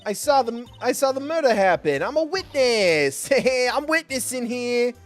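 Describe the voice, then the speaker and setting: A man voicing a loud, brash young woman photographer with a put-on Southern drawl. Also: very high-pitched, sing-song, unhurried, soft background music, pitched above the performer's own voice, full character voice. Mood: excited.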